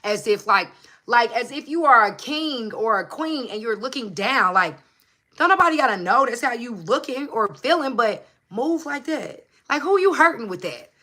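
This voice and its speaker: A woman's voice: fairly high pitch, expressive, moderate pace, sharp tone. A woman hosting a casual livestream pep talk, passionate and emphatic, swearing freely and repeating herself for effect, recorded on a phone at home. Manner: emphatic and repetitive. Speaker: motivational channel host. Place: at home under a hot light.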